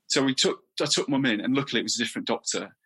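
A middle-aged man from England talking candidly as an interview guest, halting often with restarts and repeated words. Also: mid-range voice, sharp tone, slightly rough.

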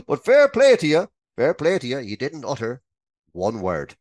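A man's voice: medium pitch, wildly swooping pitch, a little slow, no echo, clean studio sound. A man doing an exasperated stunt pilot. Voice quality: exasperated, swearing. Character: blustering male stunt pilot.

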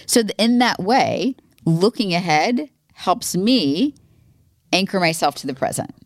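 A woman's voice: on the low side, a little slow, no echo, studio quality. A woman co-hosting a podcast, talking candidly and earnestly with her husband. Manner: earnest, heartfelt, expressive. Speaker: podcast co-host.

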